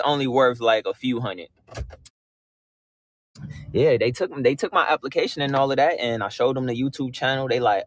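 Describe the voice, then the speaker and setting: A young man filming a vlog about buying his new truck, hyped and slangy, shouting with joy, at a dealership and inside the truck on a phone camera. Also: medium pitch, a little hiss or hum, poor audio. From Michigan. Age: young adult. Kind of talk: excited vlog clip. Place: truck dealership lot, outdoors and in a truck.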